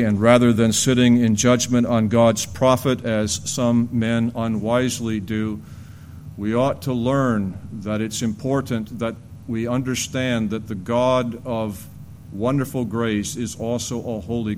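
A male preacher delivers an expository sermon to a church, earnest and measured at a middling pitch. He warms into lively storytelling, then sinks to a low, grave voice for the weighty points. A faint low rumble sits under the recording.

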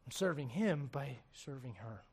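A middle-aged man from Puerto Rico preaching a sermon to a congregation, shifting from fervent shouts to quiet, earnest appeals and slipping in jokes. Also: mid-range voice, lively intonation, normal speed, slightly rough. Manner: joking asides to the congregation. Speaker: pastor. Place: church service before a congregation.

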